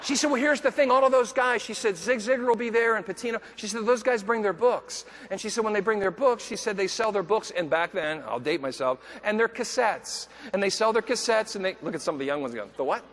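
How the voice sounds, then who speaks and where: Male keynote speaker, very high bright voice, animated storyteller who voices the people he quotes, echoey hall. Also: fairly quick, few pauses. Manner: animated, acts out quoted voices, bursts into shouts. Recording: echoey hall, faint background noise.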